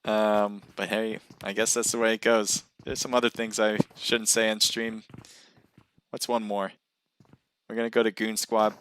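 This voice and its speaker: A man's voice: on the low side, measured pace. Guy casting an esports match live, chill and chatty, laughs a lot, little bit of hiss behind him. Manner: casual and chatty, laughs often and gets excited at close calls. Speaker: esports caster. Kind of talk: live game commentary.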